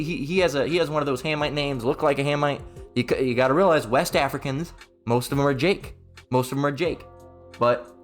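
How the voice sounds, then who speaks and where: A man delivering a casual religious rant in a blunt, profane, mocking way, often tagging his points with "all right?". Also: mid-range voice. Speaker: religious commentator.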